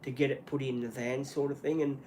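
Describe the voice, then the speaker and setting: A man's voice: medium pitch, level tone, mellow, slight background noise. Hesitant man on a livestream. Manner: hesitant, halting, many restarts and fillers; earnest, apologetic. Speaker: channel host. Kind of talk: solo livestream chat.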